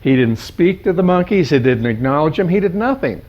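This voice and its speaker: A male life coach telling a parable in an animated storytelling manner, piling up lists of words. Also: a little high, fairly quick. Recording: dull lo-fi sound.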